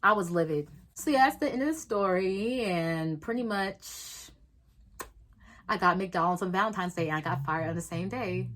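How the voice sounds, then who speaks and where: A young woman vlogger telling a storytime, swearing freely and acting out everyone's lines in lively voices. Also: on the low side, normal speed, low-quality recording. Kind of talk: storytime vlog.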